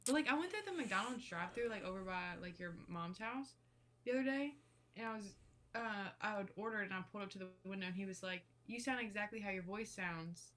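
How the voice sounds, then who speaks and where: A woman's voice: medium pitch, fast, fairly bright tone. A young woman with a light Louisville, Kentucky accent, chatting casually as a podcast guest in a laid-back, storytelling way.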